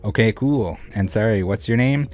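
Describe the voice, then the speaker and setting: A man's voice: lowish voice, moderate pace, darkish tone, faint music behind, lightly acted. A man voicing a polite, cautious male buyer, reading messages in a businesslike way.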